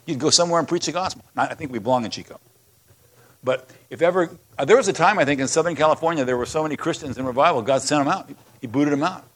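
A man's voice: fairly high pitch, fast talker. A man preaching a sermon as pastor, reading scripture aloud with passion and emphasis.

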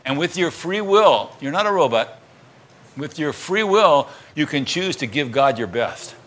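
Bright-voiced male pastor preaching. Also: a little high, lively intonation, unhurried. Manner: conversational preaching with restarts and acted quotes. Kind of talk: sermon.

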